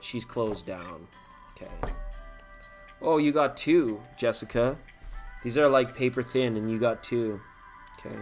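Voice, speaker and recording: A man hosting a live tarot stream in casual chat, talking to viewers by name and laughing often. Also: medium pitch.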